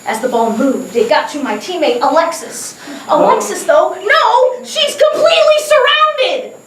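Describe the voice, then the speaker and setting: Super high animated woman storyteller, laughs a lot, swoops all over, echoey noisy recording. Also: measured pace, crowd noise. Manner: animated, laughing often, acting out quotes. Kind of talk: comic personal storytelling. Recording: echoey distant mic with noise.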